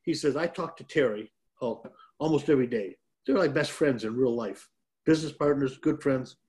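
A man's voice: mid-range voice, normal speed, darkish tone. An older man from Detroit, a former pro wrestler, telling a rambling, self-deprecating story as a guest on a chat show. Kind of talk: casual storytelling.

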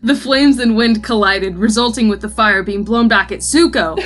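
A woman's voice: on the high side, normal speed, fairly bright tone. Woman reading fan fiction aloud, amused. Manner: amused, laughs often, stumbles on lines. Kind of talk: comic read-aloud with banter.

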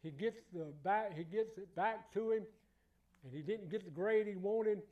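Man, preacher, church sermon, emphatic, repeats himself, very high voice. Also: normal speed, narrow, tinny audio. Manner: emphatic, repetitive, building to loud exclamations.

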